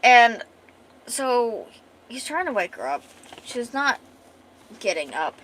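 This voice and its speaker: Woman streamer, casual chat, comic read-aloud, bright tone. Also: on the high side, sing-song, takes it slowly. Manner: chatty, retelling with many fillers and restarts.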